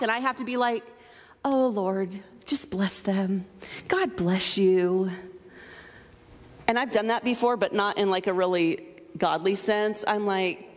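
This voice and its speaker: Woman pastor, high voice, lively playful sermon delivery, long hall reverb. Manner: animated, playful, self-mocking asides. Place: church sanctuary.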